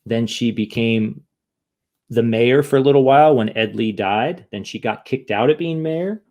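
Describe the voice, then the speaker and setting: Man, podcast guest, casual anecdote, animated, mid-pitched voice. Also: moderate pace. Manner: animated, acts out quoted voices, frequent "right?". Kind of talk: casual storytelling.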